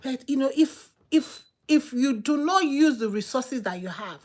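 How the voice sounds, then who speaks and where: A woman's voice: high voice, expressive, a little slow, a little mellow. Emphatic Nigerian woman giving advice. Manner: emphatic, repetitive, preachy. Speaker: channel host. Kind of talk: casual advice talk.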